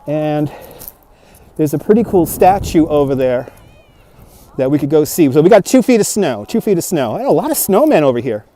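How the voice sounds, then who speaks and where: A man's voice: fairly high pitch, mellow, no echo. A man hosting a casual walking livestream outdoors in a snowy park, chatting and answering viewer comments while holding a phone on a gimbal. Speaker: livestream host. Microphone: phone on a handheld gimbal.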